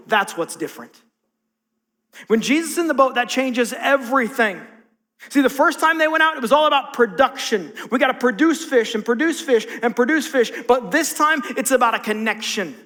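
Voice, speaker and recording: High-voiced male preacher in a reverberant hall. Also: fairly bright tone. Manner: conversational, emphatic repetition. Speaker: pastor. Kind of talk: sermon. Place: church sanctuary. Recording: long reverb of a church hall.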